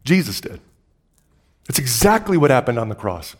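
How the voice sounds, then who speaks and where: A male pastor preaching a sermon, swinging from hushed, slow lines to loud, excited bursts and repeating words for emphasis. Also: mid-range voice.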